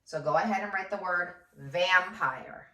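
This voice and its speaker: A first grade teacher woman dictating a phonics lesson, sounding out words slowly and clearly syllable by syllable. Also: fairly low pitch, pushed and bright. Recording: echoey room, voice from a distance.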